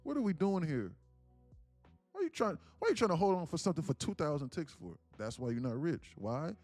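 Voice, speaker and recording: A man's voice: on the high side, very animated, a little fast, darkish tone, no echo, faint music behind. A man hosting a live day-trading stream, talking in a hyped, preachy way with slang and a stream of rhetorical questions. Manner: slangy, casual street talk. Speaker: day trading livestream host.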